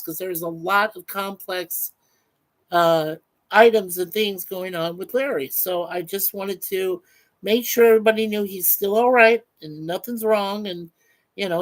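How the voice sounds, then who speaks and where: A man's voice: high-pitched, low-quality recording. A man hosting a casual live stream, chatting loosely with many fillers and reading out viewer comments.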